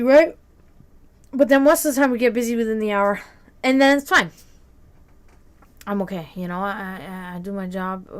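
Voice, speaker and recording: A woman with a high, slightly bright, smooth voice chats loosely on a stream, telling casual stories. She swears freely and laughs often.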